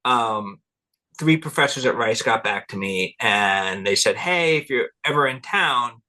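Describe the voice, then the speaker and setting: A man's voice: mid-range voice, lively intonation, measured pace, sharp tone. A middle-aged man, a cultural anthropologist guest, telling rambling stories in an interview, laughing often and acting out what people said. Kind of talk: relaxed interview storytelling.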